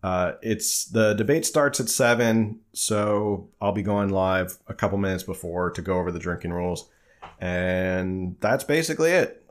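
A man with a fairly low voice hosts a casual live stream and answers viewers' questions as they come in. He talks loosely and conversationally, full of fillers and restarts. He grew up in New Jersey. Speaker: livestream host.

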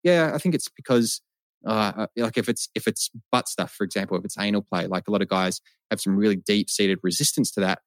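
An Australian man with a lowish voice talks through advice as a guest coach. He pauses and restarts as he explains, and the sound is close and dry. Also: little pitch movement, a bit bright, dry recording. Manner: thoughtful, explains with hesitant restarts. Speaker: men's sex coach, guest. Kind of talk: casual podcast interview.

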